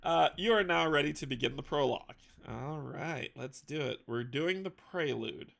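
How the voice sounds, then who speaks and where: Creaky-voiced man game master. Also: fairly high pitch, expressive, moderate pace, a bit bright. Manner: reads aloud with stumbles and laughing asides. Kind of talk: reading scripted narration for a tabletop game.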